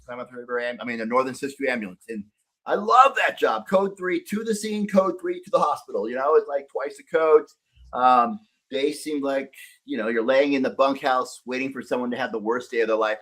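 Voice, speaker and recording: A man's voice: mid-range voice, a bit bright. A middle-aged man from Northern California, a podcast guest telling his life story in a candid, profane, casual way.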